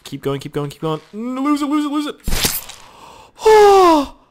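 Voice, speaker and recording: A young man doing loud, excitable gaming commentary, swearing, yelping and shouting as he plays. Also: very high-pitched, measured pace, a little hiss or hum. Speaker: gaming YouTuber.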